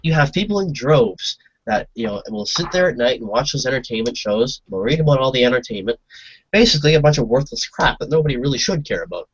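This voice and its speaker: A man's voice: medium pitch, expressive, fast talker, husky, no room sound, lo-fi sound. A man from Canada co-hosting a casual talk show, speaking in a rambling way with repeated words. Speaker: co-host. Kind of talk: casual opinion chat.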